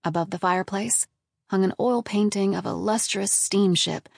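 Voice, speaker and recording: A woman narrating an audiobook in a measured, even reading. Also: medium pitch, creaky, no echo. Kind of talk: scripted narration.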